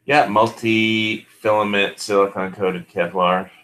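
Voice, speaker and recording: A man's voice: fairly low pitch, steady tone, slow pace, a bit bright, low-quality recording. A man chatting on an online panel in a rambling way, full of fillers. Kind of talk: casual online panel chat.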